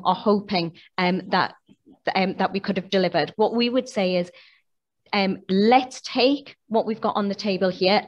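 A woman answering questions in an online meeting, earnest and persuasive, and losing her voice. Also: mid-range voice. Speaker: union representative answering questions. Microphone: video call mic.

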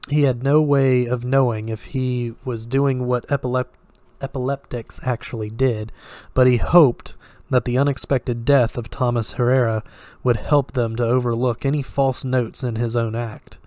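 A man's voice: mid-range voice, little pitch movement, moderate pace, few pauses, darkish tone, no room sound. Man reading a story in a dry voice. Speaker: story reader. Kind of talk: audiobook-style story reading.

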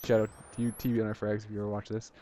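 A man with a slightly low voice talks over his gameplay footage, rambling and excitable as he retells each play. Game sounds run noisily underneath his voice. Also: rapid-fire. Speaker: gameplay commentator. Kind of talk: casual gameplay commentary. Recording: noisy game audio underneath. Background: game sound effects.

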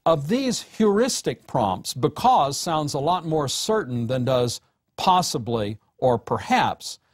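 A man giving a recorded lecture on writing, speaking in a measured, deliberate way and slowing down to read example sentences. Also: on the high side, no room sound, clean studio sound.

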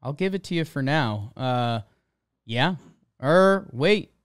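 A man with a fairly high, smooth, resonant voice jumps in with quick reactions on a sports podcast. His pitch swings widely, and the dry close mic catches every remark. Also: lively intonation, no room sound. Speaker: podcast co-host. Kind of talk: casual sports podcast chat.

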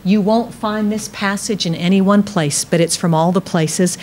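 A woman pastor preaching a sermon, reading scripture aloud and speaking straight to her congregation, slowing and dropping low on key words and rising for emphasis. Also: a little mellow, slight background noise. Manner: dramatic pauses, slows and drops low on key words, rises for emphasis; reads scripture aloud, addresses congregation directly.

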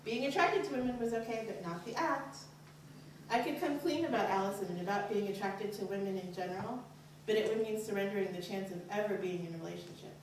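A young woman tells a true story from a stage, speaking earnestly and frankly, her pitch leaping up whenever she voices her worried thoughts. Her voice sounds distant and bounces around a very reverberant hall. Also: fast talker, a little hiss or hum. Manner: earnest, candid, pitch rises sharply on anxious inner questions. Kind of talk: live personal storytelling. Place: college stage at a live showcase. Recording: very echoey hall, voice from far off.

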